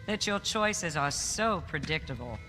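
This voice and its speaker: A woman voicing a cryptic, haughty seer of fate who mocks her visitors in slow, cold pronouncements. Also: low voice, animated, sharp tone, full character voice. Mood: mocking. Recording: echoey with music behind.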